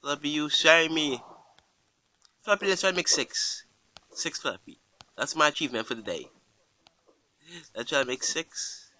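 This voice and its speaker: Excitable gamer guy talking to his character, sharp bright voice. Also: fairly high pitch, unhurried, long pauses. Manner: excitable, keeps talking to the game character and crying out in dismay. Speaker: gaming channel host. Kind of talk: casual gameplay commentary.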